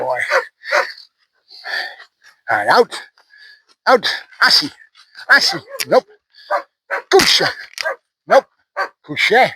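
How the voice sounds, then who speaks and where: Bright-voiced man training a dog. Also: a little high, expressive, takes it slowly, long pauses, a little hiss or hum, low-quality recording. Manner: explains steps while praising and correcting a dog. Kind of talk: instructional training demo.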